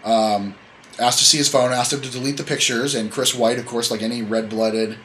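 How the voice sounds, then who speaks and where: A man's voice: medium pitch, fairly even intonation, fairly quick, a bit bright, a little hiss or hum, rough recording. A man hosting a casual podcast chat, telling a story in a rambling, joking way and correcting himself as he goes. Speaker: podcast host.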